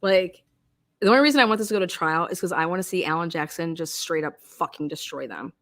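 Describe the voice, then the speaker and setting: A woman hosting a true crime livestream, ranting casually and loudly with a lot of swearing. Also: fairly low pitch, fast. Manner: rowdy, swearing, animated. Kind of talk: casual profane livestream rant.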